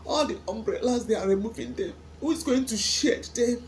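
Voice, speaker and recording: A woman's voice: fairly high pitch, expressive, normal speed, a little mellow, a little hiss or hum. Tearful Nigerian woman pleading with God. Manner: pleading, asks God questions over and over. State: tearful, sighing. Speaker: vlogger. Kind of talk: emotional vlog lament.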